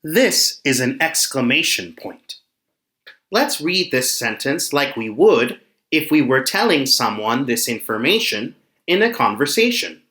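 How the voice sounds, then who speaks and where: Slow, lively-voiced English teacher in an echoey room. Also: mid-range voice. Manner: speaks slowly and pointedly, acting out example sentences. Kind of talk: slow, expressive classroom explanation.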